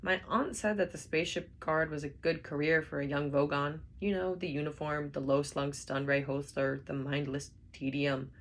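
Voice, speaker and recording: A woman voicing a slow-witted hulking alien male guard who speaks slowly and booms in a storybook reading. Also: fairly even intonation. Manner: slow, dim, booming.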